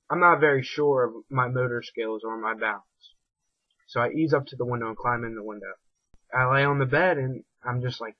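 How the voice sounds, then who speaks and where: A man's voice: mid-range voice, moderate pace, no room sound. A young man casually telling a personal story in a reflective, rambling way. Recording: dull lo-fi dry recording.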